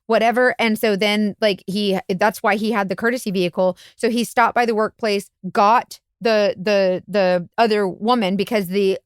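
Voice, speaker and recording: A woman's voice: moderate pace, hardly any pauses, clean tone, no echo, studio quality. A woman, a private investigator co-hosting a podcast, telling a story in casual chat and acting out the quotes with big jumps in voice. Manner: animated, acts out quotes with big pitch jumps.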